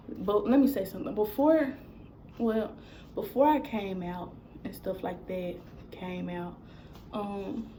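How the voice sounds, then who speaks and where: Young woman, vlogger, animated storytelling, mellow tone. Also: mid-range voice, slight background noise, rough recording. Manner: casual, animated retelling with quoted dialogue. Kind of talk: storytime vlog.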